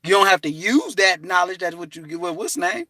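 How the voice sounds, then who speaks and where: A man giving an animated, preachy motivational talk from his parked car, breaking into bits of song and laughter. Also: high-pitched, fairly quick, vocal fry, no room sound. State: hot and restless. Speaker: vlogger.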